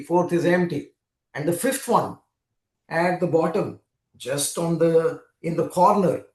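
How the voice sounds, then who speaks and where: A man's voice: high voice, a little mellow. A man giving an earnest spiritual talk, speaking directly to the listener in a storytelling manner. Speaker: spiritual speaker and regression therapist. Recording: roomy echo.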